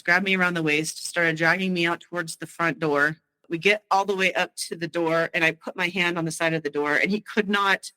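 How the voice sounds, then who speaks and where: A woman telling her own story of a frightening night at home, halting and emotional, with frequent restarts. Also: lowish voice, sharp tone, rough recording. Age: adult. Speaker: guest sharing her story. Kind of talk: personal storytelling.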